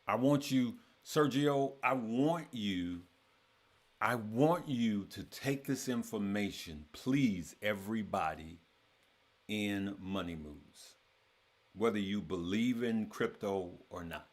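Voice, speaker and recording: A man's voice: on the low side, slow. A man hosting a trading course, talking casually to his members and repeating phrases for emphasis.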